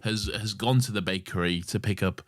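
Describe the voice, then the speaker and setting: A man's voice: on the low side, a little fast, no room sound. A man co-hosting a podcast, chatting casually and jokily, with a close, dry microphone sound. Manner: animated, jokey, drops into silly voices. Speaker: podcast co-host. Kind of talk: casual chat.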